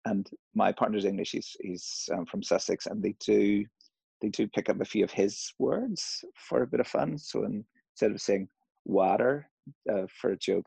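A middle-aged man from Northern Ireland, whose accent carries a slight American touch, talks casually in an interview, hesitating with many fillers and restarts. His voice is lowish, creaky, dark and a bit breathy, at a moderate pace; the rough recording has no echo.

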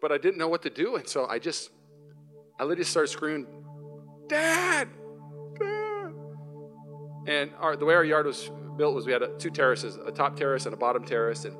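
A man preaches from the pulpit during a church service, his voice bright and ringing. He tells his stories in an animated way and plays out each scene for the congregation. Soft music sits faintly behind him. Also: fairly high pitch, fast. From Washington state, US. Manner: animated storytelling, acting out scenes. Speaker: pastor. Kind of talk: sermon. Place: church sanctuary, live service.

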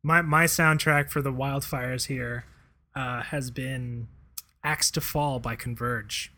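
A man's voice: medium pitch, steady tone, slow pace, pushed and bright. A man co-hosting a podcast in casual chat, laid-back, with dry jokes and frequent laughter. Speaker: podcast co-host.

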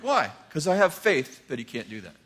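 Animated older male preacher telling a story. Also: fairly high pitch, moderate pace. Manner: animated, shifting from hushed to shouting. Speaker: pastor. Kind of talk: storytelling sermon.

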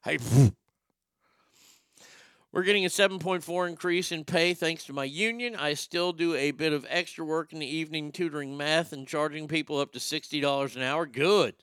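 A man's voice: fairly high pitch, steady tone, moderate pace, fairly bright tone, clear, resonant tone, no echo, clean studio sound. A man hosting a vlog, ranting in a crude, opinionated monologue and stammering over his words. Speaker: vlog host.

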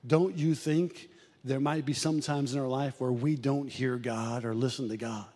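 A man preaching a sermon to a church, animated and acting out the voices he quotes. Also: moderate pace, big-room sound. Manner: animated preaching, acts out quoted voices, rises and drops in pitch.

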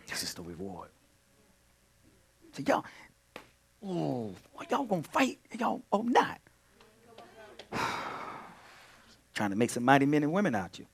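A male pastor preaching a sermon, swinging between loud exclamations and hushed asides, addressing the congregation directly and repeating phrases. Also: medium pitch, huge pitch swings, unhurried, creaky, pauses often.

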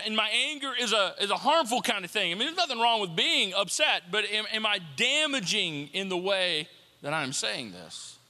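A male pastor delivers a sermon in a chatty, searching way, circling back to the same rhetorical questions. His voice sits high and rings very bright. The sound trails off in the long reverb of a church hall. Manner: conversational preaching, repeats rhetorical questions.

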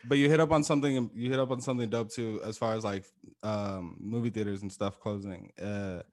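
A man co-hosting a podcast, talking loosely and with plenty of swearing. He has a fairly low voice, repeats his points for emphasis and laughs easily. The talk is unscripted chat between friends. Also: steady tone, a little fast. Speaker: podcast co-host. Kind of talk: casual chat.

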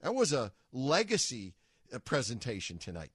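A man co-hosting a political talk radio show, giving wry, emphatic commentary with quick quips. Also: medium pitch, huge pitch swings, fairly bright tone, breathy edge, no echo, clean studio sound. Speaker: radio co-host.

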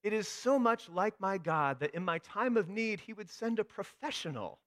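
A man's voice: on the high side, very animated, normal speed, a bit bright, no room sound, studio quality, voice pushed up. A man voicing a frail, trusting elderly woman, pleading in a raised voice. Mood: delighted.

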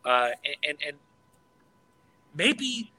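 Excitable, sharp-voiced man chatting on a podcast. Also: fairly high pitch, extremely slow, poor audio. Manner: excitable, swears freely, stumbles and restarts often. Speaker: podcast co-host. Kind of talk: casual podcast chat.

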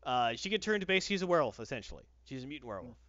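A man's voice: medium pitch, big pitch swings, racing, fairly bright tone, no echo. Sarcastic man ranting, dull lo-fi sound. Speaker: comic book reviewer. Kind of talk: casual podcast chat.

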